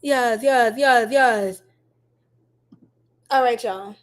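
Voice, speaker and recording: A woman hosting a casual tarot livestream. Her voice sits a touch high, and she talks slowly. She is chatty and affectionate as she reads viewer comments aloud. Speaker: tarot reader livestream host.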